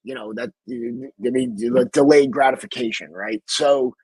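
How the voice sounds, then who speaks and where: A man's voice: mid-range voice, measured pace, darkish tone, slightly rough, dry recording, rough recording. A man hosting a podcast, talking in a rambling, profane, casual way. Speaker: podcast host.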